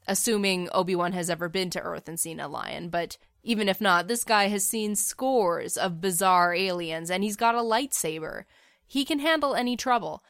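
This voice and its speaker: A woman's voice: medium pitch, fairly bright tone, dry recording, clean studio sound. A woman casually narrating a fan story in a chatty, wry way, with the odd filler.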